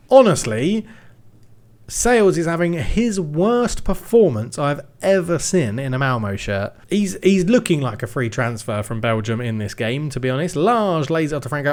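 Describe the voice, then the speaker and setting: A young man giving lively commentary on his football management game, shouting when goals go in. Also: medium pitch. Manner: excitable play-by-play, shouts at goals. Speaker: gaming YouTuber.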